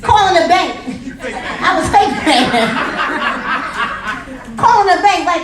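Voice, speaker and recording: Animated woman speaker, high lively voice. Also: slow pace, long pauses. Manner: animated, humorous storytelling with acted quotes. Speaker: motivational speaker. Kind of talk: motivational talk to a live audience. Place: meeting room with an audience. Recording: echoey room, voice from a distance, faint crowd.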